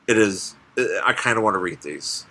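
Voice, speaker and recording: A man's voice: fairly low pitch, animated, normal speed, pushed and bright. A man co-hosting a podcast in casual comedic chat, rambling and restarting his sentences as he acts out scenes. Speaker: podcast co-host.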